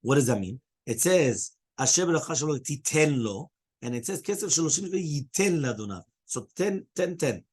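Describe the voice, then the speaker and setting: Husky man teaching an animated Talmud class. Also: fairly high pitch, normal speed. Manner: animated, switching between Hebrew-Aramaic terms and English, asking "okay?" and "right?".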